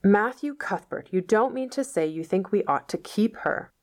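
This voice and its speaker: A woman reading the part of a stern, sharp-tongued middle-aged spinster who speaks curtly and scolds. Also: mid-range voice, expressive, moderate pace, voice pushed up, natural voice. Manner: curt, wrathful, scolding.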